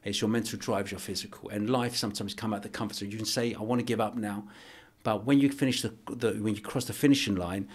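A middle-aged man, a guest on a podcast interview, telling a personal story in an earnest, halting way with many restarts. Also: on the low side, steady tone, husky. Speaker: archbishop and boxing coach, guest.

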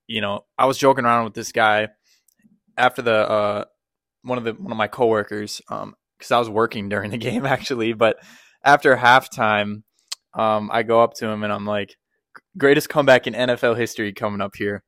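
A man co-hosting a casual sports podcast, talking excitedly with lots of fillers and restarts. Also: lowish voice, moderate pace, no room sound. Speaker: podcast co-host.

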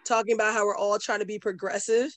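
A woman hosting a podcast chat, animated and quick to laugh. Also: medium pitch, a little hiss or hum. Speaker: podcast host. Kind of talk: casual chat.

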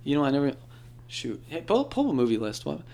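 A man's voice: on the high side, quick pace, creaky. Young man chatting on a podcast. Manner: animated, jokey, does playful character impressions. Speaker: podcast co-host. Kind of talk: casual podcast chat.

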